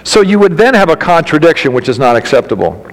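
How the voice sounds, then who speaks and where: Male pastor, high voice, emphatic sermon delivery with direct questions, long reverb in the hall. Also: big pitch swings, quick pace. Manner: emphatic, addresses congregation directly with questions and humor.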